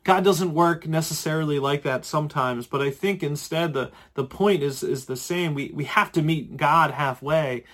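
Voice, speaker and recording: A man's voice: on the high side, normal speed, hardly any pauses, fairly bright tone. A male pastor preaching a sermon in a conversational way, often repeating and restarting words.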